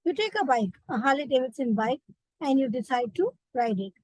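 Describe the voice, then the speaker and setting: A woman's voice: high-pitched, expressive, fairly quick, a little mellow, dry recording, low-quality recording. A woman with an Indian accent, a memory trainer, guiding listeners through a vivid imagined story. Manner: vivid storytelling, direct address. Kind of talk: guided visualization lesson.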